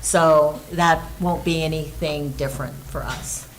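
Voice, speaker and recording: A woman's voice: low-pitched, fairly even intonation, unhurried, background noise. A woman presenting a school budget at a board meeting, speaking conversationally with frequent fillers.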